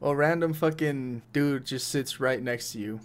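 A man's voice: mid-range voice, unhurried. A young man running a tabletop game as game master, casual and laughing often, swearing freely.

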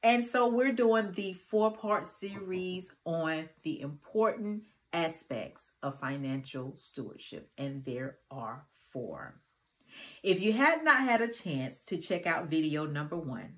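A woman's voice: deep voice, sing-song, a little slow. A woman hosting a Christian finance channel, speaking to her viewers in a familiar, folksy way and leading them in prayer and scripture reading. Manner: warm familiar address to viewers, folksy and preacherly; reads scripture aloud and prays earnestly. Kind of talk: casual faith-based teaching and prayer.

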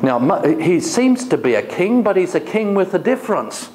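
A man's voice: high-pitched, big pitch swings, normal speed, darkish tone, a little hiss or hum. A man lecturing a college class, asking the students questions and paraphrasing the text for them. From Australia.

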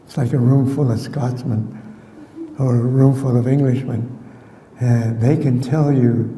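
An older man from Canada, a community elder, giving an unhurried, reflective talk with frequent restarts, recorded in a lecture hall. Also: mid-range voice, warm tone, slight background noise.

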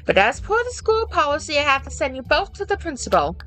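Shrill scolding schoolteacher, played by a woman in a game; very high, jumpy pitch. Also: sing-song, fairly quick, a bit bright. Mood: fussy. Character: fussy prim female kindergarten teacher.

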